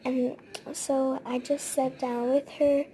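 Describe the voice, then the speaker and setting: Casting: high-pitched, slow-paced woman, casual storytime narrator, animated. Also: low-quality recording. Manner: chatty, animated retelling with quoted dialogue. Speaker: storyteller recounting babysitting.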